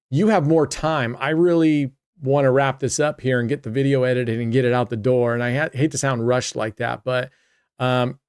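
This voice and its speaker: A man's voice: mid-range voice, a little mellow, dry recording, studio quality. A man hosting a casual play-by-play of his own online roulette session, chatty and talking to himself and to viewers. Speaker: host.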